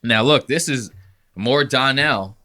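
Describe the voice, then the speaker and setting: A man riffs on a casual podcast, swearing freely and acting out the people he talks about. His voice is bright and forceful, with a mid-range pitch. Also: takes it slowly. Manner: profane, animated storytelling with mock impressions. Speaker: podcast host.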